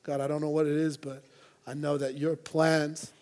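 A man's voice: fairly high pitch, flat delivery, normal speed, a little mellow. A man preaching a sermon to a church congregation, earnest and conversational, with playful asides. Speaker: pastor.

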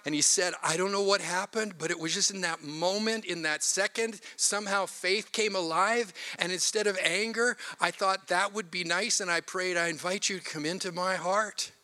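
A man's voice: high-pitched, moderate pace, few pauses, sharp tone. A man preaching a sermon, animatedly retelling a story with quoted voices. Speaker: pastor.

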